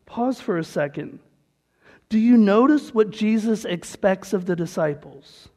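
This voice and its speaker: A man's voice: high-pitched, expressive, unhurried, a little mellow. A man pastor preaching a sermon in an earnest, conversational way, with a long hall reverb.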